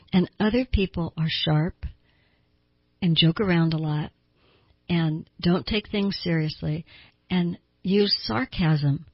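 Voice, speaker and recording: A woman's voice: fairly low pitch, slightly rough, no room sound, dull audio. A woman hosting a self-help talk show, giving advice to listeners in an emphatic way and repeating words for stress.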